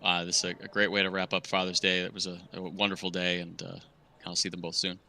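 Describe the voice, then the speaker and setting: A man's voice: sits low, completely flat delivery, fast talker, vocal fry, bright, forceful tone. A man from Massachusetts giving a rambling post-race winner's interview full of fillers. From Medford, Massachusetts.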